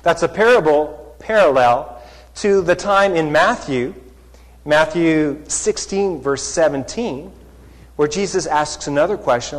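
A man preaching a sermon, unhurried, acting out quoted lines with rising emphasis. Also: a little high, animated. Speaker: pastor. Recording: long hall reverb.

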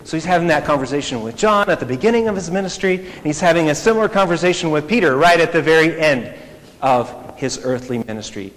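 Male preacher, lively and conversational, fairly high voice, reverberant hall with faint noise. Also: quick pace. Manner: animated, conversational, rhetorical questions. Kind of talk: sermon.

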